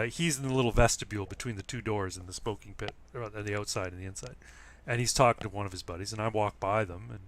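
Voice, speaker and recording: A man's voice: mid-range voice, fairly bright tone. A man telling a rambling personal story on a casual talk show, with many restarts. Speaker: guest. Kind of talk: casual chat.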